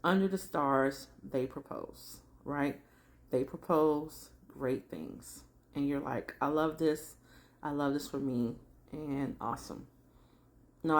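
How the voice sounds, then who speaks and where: A woman chatting through a casual, slangy recap of a TV drama episode. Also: low voice. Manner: chatty slangy storytelling, acts out characters.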